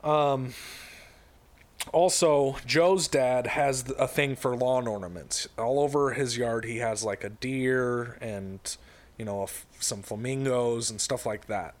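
A man's voice: mid-range voice, slow pace. A man casually retelling a story in a podcast chat, rambling, with lots of fillers and restarts.

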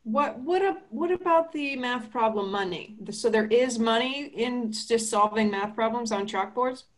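A woman's voice: a little high, normal speed. A woman in casual chat, chiming in with curious questions.

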